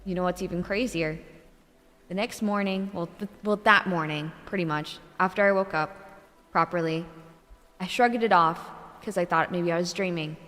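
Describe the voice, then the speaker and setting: A young woman streamer telling a true ghost story in a casual, animated way, swearing and laughing between lines. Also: fairly low pitch, normal speed, in a large hall. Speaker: VTuber streamer.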